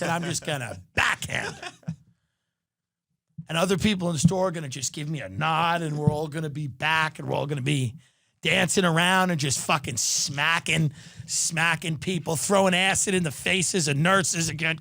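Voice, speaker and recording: A podcast host with a high, reedy, gravelly voice rants through a sardonic comedy monologue at a moderate pace, often erupting into bursts of mock shouting. The recording is close and dry, with no room sound.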